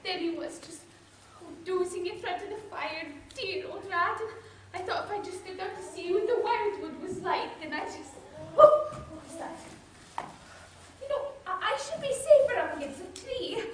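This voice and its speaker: A woman playing a timid little mole with a very high, wavering voice that stammers and frets. It is a stage play heard from far off in an echoing hall, with a faint hiss underneath. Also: animated, normal speed. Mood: frightened. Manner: nervous, stammering and breathless. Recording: distant echoey stage recording with faint hiss.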